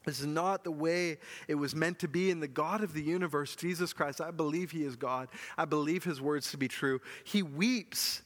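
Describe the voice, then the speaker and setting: A man preaching a sermon as pastor, earnest and often dropping to a soft, low voice. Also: moderate pace, hardly any pauses. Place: church hall. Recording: long hall reverb.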